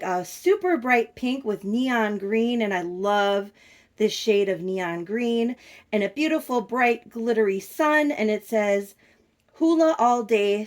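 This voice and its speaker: A middle-aged woman vlogging from her bedroom at home, telling a story in a chatty, gushing way and talking straight to her viewers. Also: fairly high pitch. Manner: animated, gushing, addresses viewers as "you guys". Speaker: reborn doll collector vlogger.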